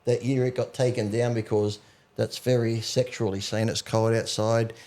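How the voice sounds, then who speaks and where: A man's voice: mid-range voice, little pitch movement, normal speed, warm tone. A middle-aged Australian man, a podcast guest, talking bluntly in casual chat and swearing freely. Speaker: podcast guest, ex-pro bodybuilder.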